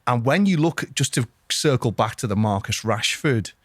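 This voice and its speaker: A man hosting a podcast sets out his thoughts in a calm, measured way. His voice sits at a middle pitch. The recording is close and dry. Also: dry recording. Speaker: podcast host. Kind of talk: casual podcast conversation.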